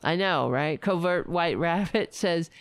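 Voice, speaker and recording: A woman hosts a casual livestream from home, chatting wryly with her viewers at an unhurried pace. Her voice sits a little low. The sound is dry and close from a home webcam mic. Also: no echo. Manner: chatty, wry, talks to her pets in a soft coaxing voice. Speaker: livestream host.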